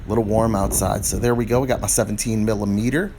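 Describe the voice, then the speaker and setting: A middle-aged man reviews tires in a casual DIY vlog while working on his car outdoors, rambling and getting frustrated. He talks fast with fairly low pitch, fairly even intonation, and vocal fry, recorded noisily on a phone camera.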